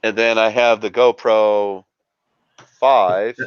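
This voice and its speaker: A man's voice: on the low side, steady tone, slow, clean tone, dry recording. A man hosting a casual chat show, rambling through camera gear with lots of fillers. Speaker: show host. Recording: dull lo-fi dry sound.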